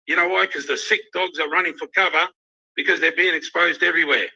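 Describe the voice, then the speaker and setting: A man's voice: fairly high pitch, fairly even intonation, fast, pushed and bright, slight background noise. An angry, emotional Australian man ranting on a livestream, swearing constantly. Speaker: youth worker ranting on a livestream. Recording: dull lo-fi livestream audio.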